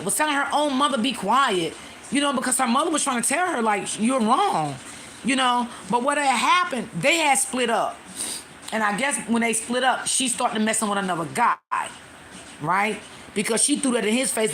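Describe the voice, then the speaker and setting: A woman's voice: a little high, expressive, normal speed, a bit bright, a little hiss or hum. Chatty woman retelling a story. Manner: chatty, retells a story with many "um"s and thanks viewers. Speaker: live stream host. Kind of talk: casual live chat storytelling.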